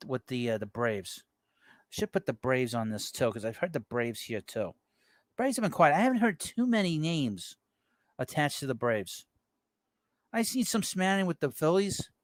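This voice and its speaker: With big swings in his fairly high pitch, a man speaks at a moderate pace, no echo. He's a sports talk host on a casual baseball live stream, reading viewers' messages aloud and rambling through offhand responses.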